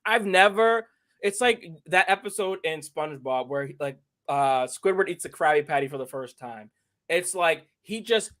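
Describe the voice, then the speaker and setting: A young man co-hosting a livestream, chatting in an animated, excitable way with lots of restarts. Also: fairly high pitch. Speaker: livestream co-host. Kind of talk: casual chat.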